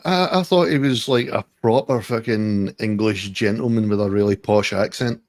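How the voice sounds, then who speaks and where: A man's voice: on the low side, moderate pace, a little mellow, dry recording. A man hosting a podcast, chatting casually and swearing freely. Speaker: podcast host. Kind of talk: casual banter.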